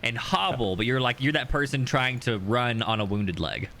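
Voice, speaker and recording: A man acting as game master, describing the scene in a relaxed way and laughing easily. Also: medium pitch, normal speed, vocal fry, a little hiss or hum. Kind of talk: narrating a tabletop game.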